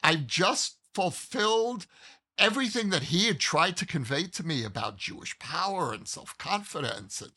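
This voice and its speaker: A man telling a personal story in conversation, measured and earnest, pausing mid-thought. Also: fairly high pitch, big pitch swings, bright, forceful tone.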